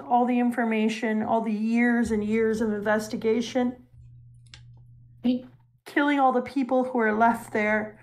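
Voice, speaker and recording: A young adult woman hosting a casual talk show, retelling a story with animated, emotional energy. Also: a little high. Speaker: show host. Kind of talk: casual chat retelling a manga.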